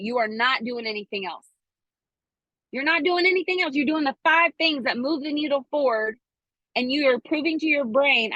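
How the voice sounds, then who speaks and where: A woman giving a chatty, animated motivational talk to her team, acting out quoted dialogue. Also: a little high, no echo, low-quality recording. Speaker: network marketing team leader speaking to her team.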